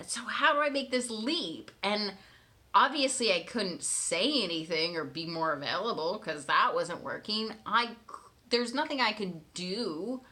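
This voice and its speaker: A woman telling her partner a personal story in a candid, animated way, swearing freely and often checking in with "right?". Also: medium pitch. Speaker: manifestation coach.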